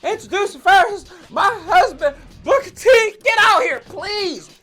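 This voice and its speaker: A terrified wrestling wife, her voice pitched high and loud as she pleads to get out of there, as a woman puts her on. The delivery is frantic and urgent, and the voice swoops up and down. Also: huge pitch swings, a little fast, soft background music, full character voice. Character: panicked wrestling wife begging her husband to leave.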